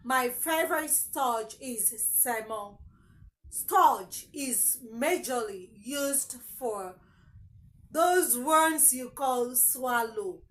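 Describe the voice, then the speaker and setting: A woman's voice: sits high, a bit bright, poor audio. A woman teaching a lesson, emphatic and repeating words to drill their pronunciation. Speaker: English teacher. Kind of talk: spoken English lesson.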